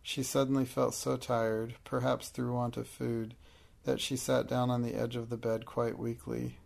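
A man narrating an audiobook in a steady, measured way. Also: medium pitch, creaky.

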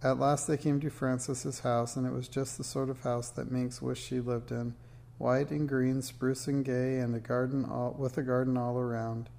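A man reading a children's book aloud in a steady, measured storytelling way. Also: mid-range voice, creaky. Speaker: narrator.

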